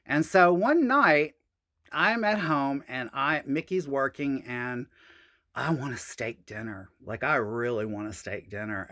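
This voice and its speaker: A woman telling a story to her viewers, animated and profane, with drawling asides. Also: a bass voice. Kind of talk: casual storytelling to camera.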